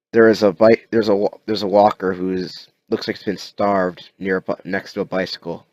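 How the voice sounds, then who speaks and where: A man narrating a comic story aloud as an amateur reader, halting with frequent restarts and fillers. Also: fairly low pitch, lively intonation, a little mellow, no room sound, muffled recording.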